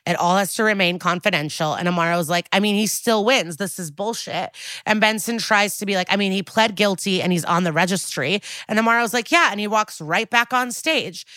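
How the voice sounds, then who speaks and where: Bright-voiced woman recapping an episode. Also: mid-range voice, brisk, no room sound. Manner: chatty, wry, acts out quotes. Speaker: podcast co-host.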